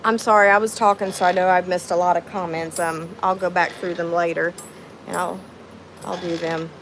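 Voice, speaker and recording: A woman's voice: lowish voice, flat delivery, normal speed, noisy background. A middle-aged woman with a Southern drawl chatting on her first livestream from home, nervous and thanking viewers by name as she reads their comments. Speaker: livestream host. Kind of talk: casual livestream chat reading comments. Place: home, near a window with birds outside.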